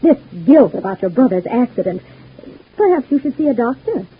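An actress playing a scheming, cruel wife in an old-time radio soap, talking with cold, scornful menace. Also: female voice, a little high, sing-song, a little fast, full character voice. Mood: menacing. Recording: husky lo-fi old radio broadcast.

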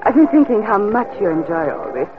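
An actress playing an earnest young Russian woman in a 1950s radio drama, speaking softly and wistfully. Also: mid-range voice, very animated, brisk, lightly acted. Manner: soft, wistful, pleading. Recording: dull lo-fi old radio recording. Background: music.

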